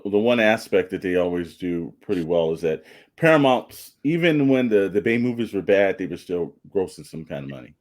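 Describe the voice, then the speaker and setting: A man co-hosting a podcast, giving relaxed, measured opinions in casual group chat. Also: low voice. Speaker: podcast co-host.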